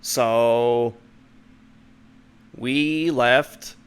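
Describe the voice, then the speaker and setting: A man hosting his own show, telling a rambling personal story full of "like" and "and then," putting on a higher voice to mock what others said. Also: fairly even intonation, drawn-out words, clear, resonant tone. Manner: mocks the friend's lines in a higher voice. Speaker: show host. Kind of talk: casual storytelling.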